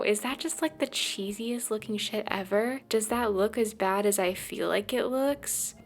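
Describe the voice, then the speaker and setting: A woman's voice: medium pitch, moderate pace, soft background music. A woman chatting sarcastically and self-deprecatingly as she narrates her gameplay in a casual vlog. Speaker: gaming vlogger.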